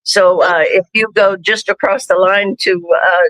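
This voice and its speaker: Female guest, bright dry sound, quick to laugh. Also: mid-range voice, fairly even intonation, no room sound, rough recording. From Kentucky. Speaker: radio show guest.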